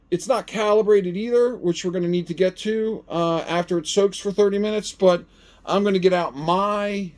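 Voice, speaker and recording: A middle-aged man talks his way through a hands-on product test, loose and chatty. His voice sits a little higher than most men's, and he keeps up an animated running commentary. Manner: chatty and animated, talks to himself while testing. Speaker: gardening channel host. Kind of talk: casual product-testing vlog.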